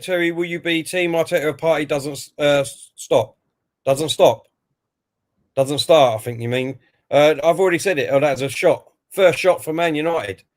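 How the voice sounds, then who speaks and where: A fairly high-voiced man talks through a football match as it happens. He reads out messages from viewers and then answers them in a chatty, easygoing way. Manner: chatty, reads out chat messages and then gives his view. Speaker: co-host of a football watch-along stream. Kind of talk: live match commentary and reading viewer comments.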